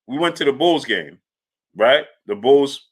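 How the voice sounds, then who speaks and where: A man hosting a casual sports live stream, telling loose stories and shouting out viewers in the chat by name. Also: medium pitch, animated, a little slow, breathy edge. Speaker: livestream sports show host.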